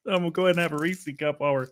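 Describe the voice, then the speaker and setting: A man's voice: on the high side, fairly even intonation, very fast. A man hosting a podcast in joking, playful casual chat. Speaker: podcast host.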